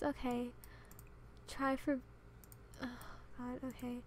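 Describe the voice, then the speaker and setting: High-voiced young woman, exasperated gamer. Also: level tone, a little slow, slight background noise. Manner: frustrated, exasperated muttering at the game. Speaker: gaming channel host. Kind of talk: casual gameplay commentary.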